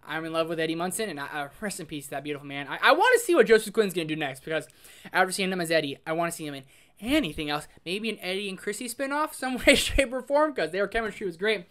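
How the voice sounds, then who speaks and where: Talking fast in a high voice, a male film review host runs through spoilers for a show in a casual, gushing way. His excitement spills into constant use of "like," with loud outbursts giving way to quiet, emotional asides.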